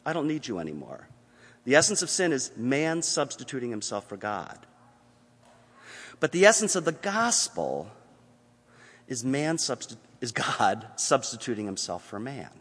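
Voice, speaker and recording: A man preaching a sermon as pastor, earnest, moving between hushed passages and emphatic appeals. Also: medium pitch, big pitch swings, a little slow, breathy edge, big-room sound.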